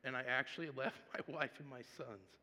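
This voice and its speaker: A man preaching from the pulpit with a gravelly, bright edge to his voice. He tells his story in swings from hushed reflection to loud, animated outbursts, and his words ring out with the long reverb of a large sanctuary. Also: medium pitch, a little fast. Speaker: pastor. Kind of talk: sermon.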